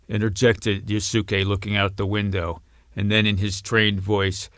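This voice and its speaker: A man narrating a novel as an audiobook in an even, understated reading. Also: on the low side, measured pace, dry recording, studio quality.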